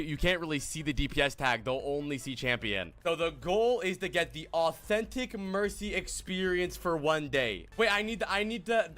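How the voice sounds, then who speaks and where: A man streaming a game, talking casually and excitedly to his chat, joking and swearing as he plays. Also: high-pitched. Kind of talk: casual gaming livestream chat.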